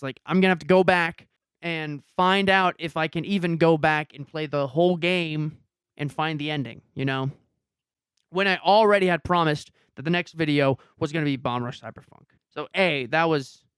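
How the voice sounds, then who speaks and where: A man's voice: on the high side, clear, resonant tone, dry recording, clean studio sound. A young man hosting a podcast, telling a story in a casual way and acting out his own reactions. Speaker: podcast host and YouTuber. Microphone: headset.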